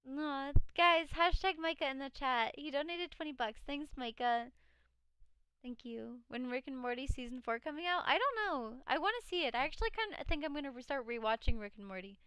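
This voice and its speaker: A tired-sounding woman live streamer chats with her audience, reading their messages out and laughing frequently, her voice cracking now and then. She speaks briskly in a high-pitched, animated voice that's pushed and bright. No room sound is audible.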